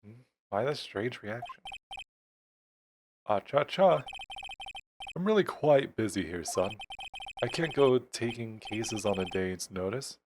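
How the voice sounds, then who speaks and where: Over game music and a noisy background, a man voices a pompous, evasive older male lawyer. He uses a slow, self-important, low voice with lively intonation.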